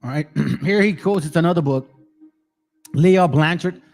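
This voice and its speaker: Man, higher voice, heated ranting commentary, swears a lot. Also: a little slow, a little mellow, faint music behind. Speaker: channel host. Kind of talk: angry commentary over played videos.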